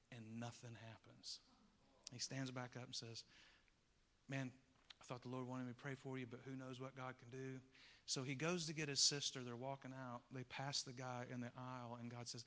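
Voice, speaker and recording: Man, pastor, sermon storytelling, bright forceful voice, acts out voices, long hall reverb. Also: mid-range voice, normal speed, slight background noise. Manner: animated storyteller, acting out voices and rising to loud peaks.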